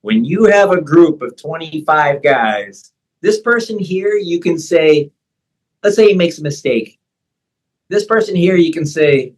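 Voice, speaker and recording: A middle-aged man, a personal trainer, talking in a conversational interview and acting out coaching lines with animated delivery. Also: on the high side, unhurried, poor audio. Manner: animated, acts out coaching voices. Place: Thailand.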